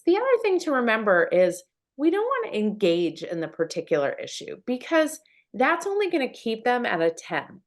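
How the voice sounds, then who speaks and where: A woman, a puberty educator, giving parenting advice in an animated, conversational way. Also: mid-range voice. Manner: animated, acts out everyday scenes. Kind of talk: parenting talk.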